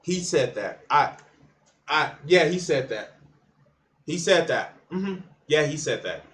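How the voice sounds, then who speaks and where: A man with a fairly high-pitched voice talks through clips on his stream in a blunt, profane way. He trails off and restarts his thoughts as he goes. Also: lively intonation, slow, a bit bright. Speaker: livestream host reacting to videos. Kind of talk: casual reaction commentary.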